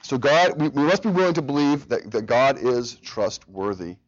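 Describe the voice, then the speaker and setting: A man's voice: mid-range voice, sing-song, normal speed. A man in his thirties leading a church Bible study, earnest and repeating phrases for emphasis. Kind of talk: teaching a church study group. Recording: dull lo-fi recording.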